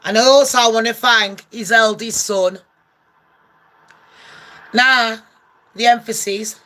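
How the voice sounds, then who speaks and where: A woman's voice: on the high side, steady tone, slow pace, pauses often, sharp tone. A woman giving comic gossip commentary as a vlogger, brash, profane and sarcastic.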